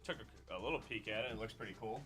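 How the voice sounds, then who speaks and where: A man's voice: fairly low pitch, rapid-fire, over music. A man co-hosting a live stream, chipping in with short casual reactions. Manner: short reactive comments, laughs easily.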